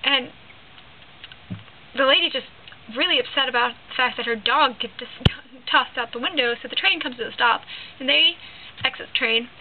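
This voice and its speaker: A woman's voice: high voice, moderate pace, pauses often. Rambling teen girl, lo-fi sound. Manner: rambling, full of "like" and "um". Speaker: vlogger. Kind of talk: casual storytelling to camera. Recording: lo-fi phone-like sound with faint hiss.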